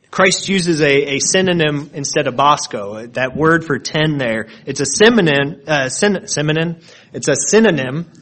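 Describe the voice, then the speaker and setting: Man, preacher, expository sermon, slightly high voice, earnest teaching tone, frequent restarts. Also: fairly bright tone. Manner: explains word meanings, earnest and searching; restarts and repeats words often.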